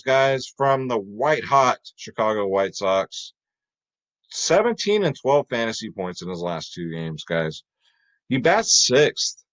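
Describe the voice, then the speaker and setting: A man hosting a casual fantasy sports picks video, upbeat and chatty, talking straight to his viewers. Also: medium pitch.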